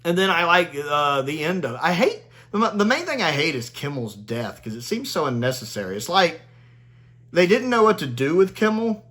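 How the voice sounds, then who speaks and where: Lively, laughing man in a chatty review. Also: on the high side, normal speed. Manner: gleeful, laughs often, chatty with many "like"s. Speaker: video reviewer. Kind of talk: casual spoken review.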